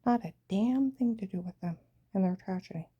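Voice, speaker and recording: A woman's voice: medium pitch, moderate pace, mellow, husky, muffled recording. A woman telling a rambling, agitated personal story, often dropping into a half whisper.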